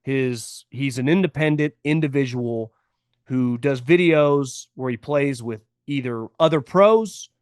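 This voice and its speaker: A man's voice: mid-range voice, unhurried, darkish tone, smooth, no room sound, clean studio sound. A man hosting a sports podcast, giving blunt, opinionated commentary in a casual way and stressing points by repeating them. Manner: blunt, opinionated, emphatic repetition.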